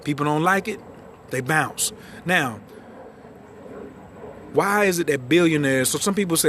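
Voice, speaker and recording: Fast, animated, slangy male coach on a phone livestream, voice on the high side, faint noise behind. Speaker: astrology and branding coach. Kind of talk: live-stream talk to viewers.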